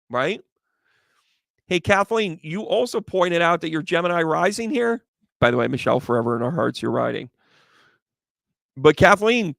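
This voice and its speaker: A man giving a live tarot reading to viewers, excitable and playful, with bursts of exclamation and the odd curse. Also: on the high side, vocal fry, dry recording. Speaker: tarot reader.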